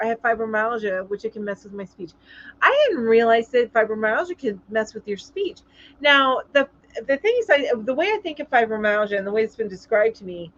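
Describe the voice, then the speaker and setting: A woman hosting a casual live-stream chat, reading viewer comments aloud in a chatty, sympathetic way, halting with many ums. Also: a little high, a bit bright, dull audio. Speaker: live show host.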